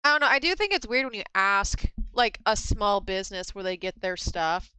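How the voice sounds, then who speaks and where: A woman chatting casually on a live stream as a craft vendor, blunt and quick to laugh, swearing casually. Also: mid-range voice, expressive, bright, forceful tone, smooth, no echo, low-quality recording.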